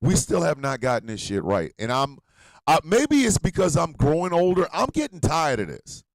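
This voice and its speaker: A man hosting a radio show, ranting loudly and profanely, swinging between shouting and low muttering. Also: big pitch swings, normal speed, creaky, dry recording. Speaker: host. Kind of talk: ranting commentary.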